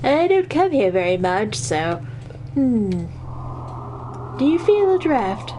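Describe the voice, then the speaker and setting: A woman's voice: high-pitched, sing-song, slow, mellow, slight background noise, exaggerated voice. A woman doing a polite bird in a mock British accent. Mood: musing. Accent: put-on British. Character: clever male bird, polite and mild. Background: game music.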